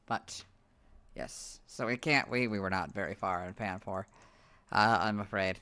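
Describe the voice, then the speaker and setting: A young man who is losing his voice, muttering asides while editing on a livestream, then reading out stat entries loudly. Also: fairly low pitch, unhurried, clean tone. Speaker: video creator editing on a livestream. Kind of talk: casual livestream chat and reading out stats.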